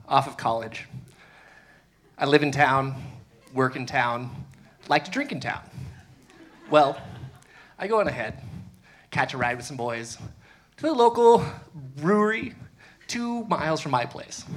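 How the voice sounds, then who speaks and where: A man's voice: medium pitch, fairly bright tone. A man telling a personal story on stage in a laid-back, present-tense way. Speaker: storyteller at a live show. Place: stage at a live event.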